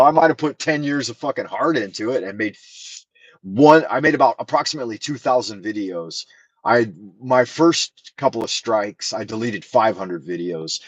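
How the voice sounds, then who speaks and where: A man from the United States streams live from his home in China, his mid-range voice carrying a breathy edge with no echo. Speaking into a mounted camera mic, he rambles through an emotional, profane chat.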